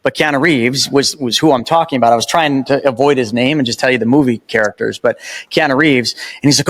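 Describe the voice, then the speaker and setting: Animated man telling stories as a guest. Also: medium pitch, quick pace. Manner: animated storyteller, emphatic and preachy. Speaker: podcast guest. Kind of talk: casual conversation.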